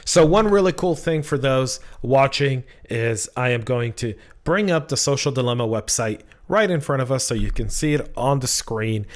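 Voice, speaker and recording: A man hosts a tech podcast in a playful, jokey way, mixing quips with plain explanation. His voice sits at a middle pitch. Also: expressive, normal speed, hardly any pauses. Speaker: podcast host. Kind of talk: casual podcast hosting.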